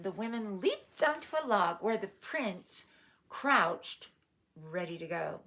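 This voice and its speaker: A woman's voice: on the low side, expressive, measured pace, fairly bright tone. A woman reading a picture book aloud to children, adding playful asides and questions for her listeners. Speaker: storyteller. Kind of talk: read-aloud storytime for children.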